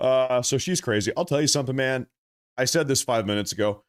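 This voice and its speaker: A man's voice: medium pitch, a little fast, clean tone. A man hosting a live stream, giving blunt, opinionated commentary in a conversational way.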